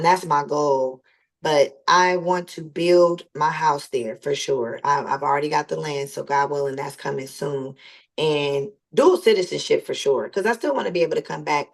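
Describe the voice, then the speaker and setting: Low-voiced Southern woman, earnest. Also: gravelly. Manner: earnest and open, lots of "like" and "you know". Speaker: podcast guest. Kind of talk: casual interview chat.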